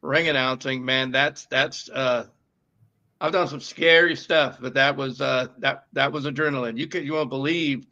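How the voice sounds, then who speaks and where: A man's voice: mid-range voice, fairly even intonation, normal speed, bright, forceful tone. A man with a New York accent, co-hosting a casual podcast chat, rambling with many fillers and restarts. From northeastern United States. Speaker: podcast producer and co-host. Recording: dull lo-fi sound.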